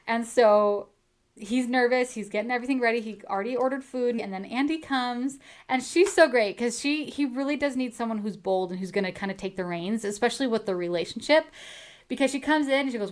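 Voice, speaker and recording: A woman's voice: a little high, brisk. A woman co-hosting a casual chat, eagerly retelling a book's plot, laughing and acting out the quoted lines. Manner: chatty, laughs often, acts out quoted lines. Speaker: podcast co-host recapping a book.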